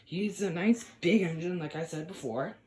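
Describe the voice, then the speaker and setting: A man's voice: high voice, normal speed, a little mellow, breathy edge. A man casually reviewing a toy train set, chatty and rambling with frequent restarts.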